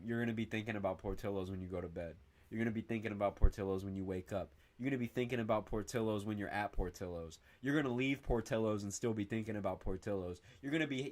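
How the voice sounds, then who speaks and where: A young man from northern Indiana chatting casually on a livestream, reading viewer comments and rambling excitably, swearing a lot and saying "bro" constantly. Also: on the low side. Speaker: streamer.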